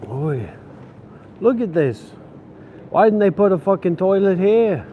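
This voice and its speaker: A man's voice: high voice, big pitch swings, a little slow, phone-quality sound, slight background noise. A man vlogging while walking city streets, ranting in a frustrated, profane way. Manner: frustrated, swearing, grumbling.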